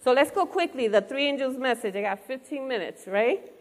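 A woman delivers a sermon in a fairly high voice. She speaks with earnest conviction and keeps turning to the congregation with questions. Her voice rings out into a hall with a long, lingering reverb. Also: expressive, fairly quick. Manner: earnest, asks the audience questions. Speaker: preacher.

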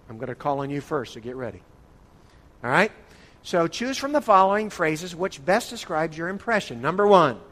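A man's voice: sits high, a bit bright. A man from the northern United States teaching an interactive church Bible study session, playfully calling on listeners by name. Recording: long hall reverb.

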